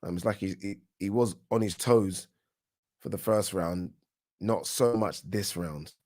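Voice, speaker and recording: A man with a British accent giving casual live commentary on a boxing match for his channel, chatty and quick to react, often restarting his words. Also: deep voice, darkish tone. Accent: British English. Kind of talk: live watch-along fight commentary.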